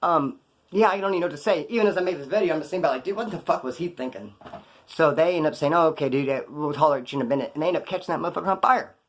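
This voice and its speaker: Dude from kern county talking super fast, kinda high voice, slangy prison stories. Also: male voice. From Kern County, California. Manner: rapid, slangy, quotes others in put-on voices. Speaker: prison storyteller vlogger. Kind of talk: fast casual storytelling monologue.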